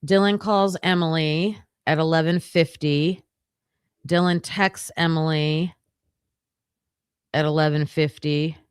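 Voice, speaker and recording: A woman with a slightly low voice hosts a casual true-crime livestream. She reads case documents aloud, thinking aloud as she skims and restarting her sentences. The recording is dry and close. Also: steady tone, takes it slowly, long pauses, clear, resonant tone, no echo. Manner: thinks aloud while skimming pages, hesitant restarts.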